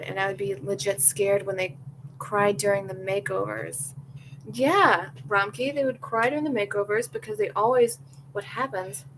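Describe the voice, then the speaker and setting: A woman's voice: medium pitch, a bit bright, a little hiss or hum, poor audio. A young woman hosting a podcast, chatting candidly and with strong opinions, often acting out what other people said. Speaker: podcast host. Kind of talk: casual chat reacting to live comments.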